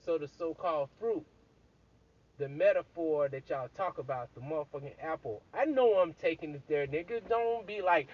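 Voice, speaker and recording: Play a somewhat high-voiced, husky man telling a story with blunt, crude, animated energy. The recording is dull and lo-fi, as if captured on a modest setup. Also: normal speed. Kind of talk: casual profane storytelling.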